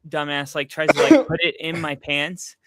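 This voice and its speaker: A man's voice: fairly high pitch, normal speed. A man casually co-hosting a podcast, telling a long personal story full of fillers and asides. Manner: rambling, animated storyteller with frequent fillers. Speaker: podcast co-host. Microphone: streaming setup, close mic.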